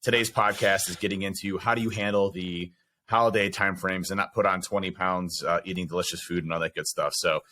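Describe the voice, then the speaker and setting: A man's voice: sits low, fairly even intonation, a little fast, pushed and bright, slight background noise. A man co-hosting a casual podcast chat, talking in an upbeat, rambling way with many fillers. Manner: upbeat, rambling, lots of fillers like "you know" and "uh". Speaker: podcast co-host.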